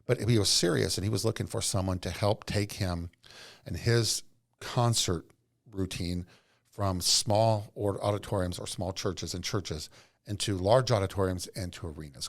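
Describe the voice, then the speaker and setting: A middle-aged man, a podcast guest, telling earnest, rambling stories from his working life. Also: deep voice. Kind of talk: casual storytelling interview.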